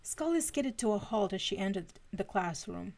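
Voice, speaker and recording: Lady reading fanfic out loud on a stream, slightly gravelly, trips over words sometimes. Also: medium pitch, lively intonation, normal speed. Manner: reads aloud with frequent stumbles and restarts. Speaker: fanfiction reader. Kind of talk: live stream story reading.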